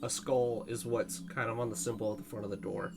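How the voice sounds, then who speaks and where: A man's voice: fairly low pitch, little pitch movement, a little fast, vocal fry, over music. A young man narrating a tabletop game as game master, laid-back and full of fillers and laughs. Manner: casual, laughing, filler-heavy.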